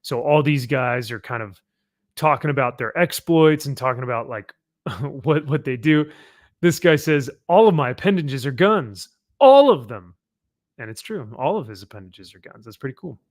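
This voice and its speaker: A man's voice: mid-range voice, moderate pace, no room sound, studio quality. A man hosting a casual chat, rambling as he sums up a comic and laughing along. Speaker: podcast host.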